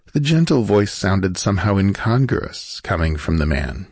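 A man reading an adventure story aloud as narrator in a measured, steady way. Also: sits low, slightly rough, no echo, clean studio sound. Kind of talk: scripted audiobook narration.

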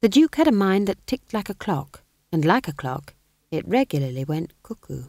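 Dry, low-pitched woman narrating a story. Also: no echo. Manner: expressive, measured storytelling. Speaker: audiobook narrator. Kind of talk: scripted narration of a comic fantasy novel.

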